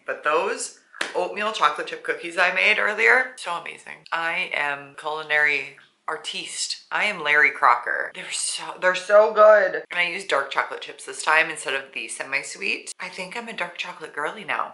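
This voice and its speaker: A woman's voice: low voice, pushed and bright. A young woman chatting casually in a reading vlog, gushing and laughing easily as she talks. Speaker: book vlogger. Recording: echoey room.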